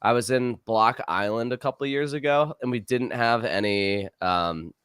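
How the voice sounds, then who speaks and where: A young man co-hosting a podcast, chatting casually in an energetic, playful way. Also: medium pitch, normal speed, clean tone. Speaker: podcast co-host.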